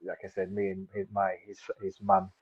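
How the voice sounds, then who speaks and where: Casting: husky, low-voiced man in his 30s from South London, fast rambling chat, muffled lo-fi recording. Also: monotone, no room sound. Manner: rambling, many fillers and restarts. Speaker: guest, seaweed farmer. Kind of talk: casual interview chat. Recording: dull lo-fi sound.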